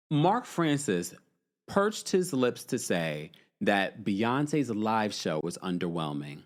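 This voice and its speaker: A male host chatting on a live stream, reading viewer comments in a sassy, animated way. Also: takes it slowly. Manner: animated, sassy, swooping pitch.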